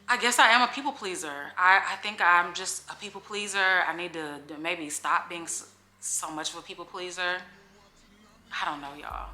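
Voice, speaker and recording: A woman's voice: fairly low pitch, pushed and bright. A woman in her forties, a vlogger chatting candidly to camera in a casual Q&A, open and emotional. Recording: echoey room with faint music.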